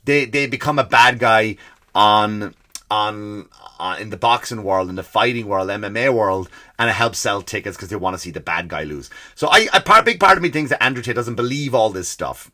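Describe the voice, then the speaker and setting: A man's voice: lowish voice, moderate pace. Profane ranting man, Irish-American accent. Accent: mixed Irish and American. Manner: profane, animated, exasperated ranting. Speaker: comedy podcast host. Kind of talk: ranting comedy podcast monologue.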